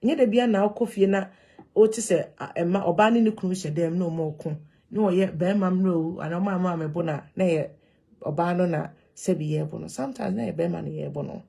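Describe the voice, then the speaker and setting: Speaking directly to her viewers in a mix of Twi and English, this Ghanaian-accented woman keeps a brisk pace in a casual monologue. Her voice sits low, sounding gravelly and slightly husky, and she's lively and emphatic.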